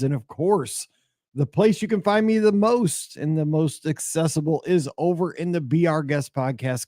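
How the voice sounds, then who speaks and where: A middle-aged man talks alone into a podcast mic, his voice hoarse and worn from a cold and asthma. He rambles in a friendly, chatty way, full of "uh"s and restarts. His tone is dark and mellow, and the recording is dry and close with no room sound. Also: on the high side, no echo. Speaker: podcast host. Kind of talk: solo podcast monologue.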